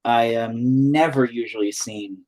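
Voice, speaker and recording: A man's voice: mid-range voice, a little slow, a little mellow, a little hiss or hum, poor audio. A man chatting casually on a live stream while he paints, rambling, swearing often and joking at his own expense.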